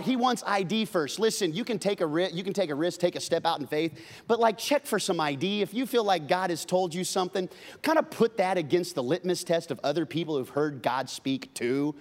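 A male pastor preaching a sermon, conversational and humorous with emphatic swings from loud to soft. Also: high-pitched, animated, moderate pace.

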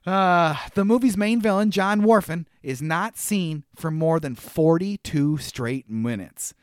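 A high-pitched man chats through a movie recap, amused and wry, laughing at the plot as he goes. His voice is close and dry, with no room sound around it. He talks in a loose, conversational way. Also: expressive, unhurried, clear, resonant tone, dry recording. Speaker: podcast co-host. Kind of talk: casual movie recap chat.

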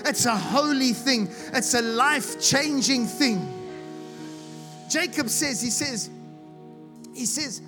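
A man from South Africa preaching a sermon with passion, building to shouts and repeating himself as he retells a story. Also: extremely high pitch, expressive, takes it slowly, long pauses. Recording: music playing behind the voice.

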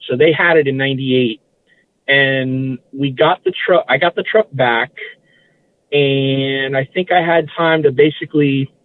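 A man's voice: a little high, no echo. Male guest, casual talker who restarts and corrects himself, dry thin phone audio. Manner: rambling, self-correcting recollection. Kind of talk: casual interview chat. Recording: tinny phone-like line, dry.

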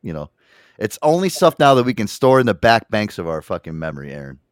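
A man's voice: on the low side, quick pace, clear, resonant tone, no echo, clean studio sound. A man hosting a casual radio show, telling crude, laughing stories and slipping into impressions. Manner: animated storyteller, swears freely, slips into impressions. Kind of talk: loose casual banter with crude humor. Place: small studio. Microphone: studio mic.

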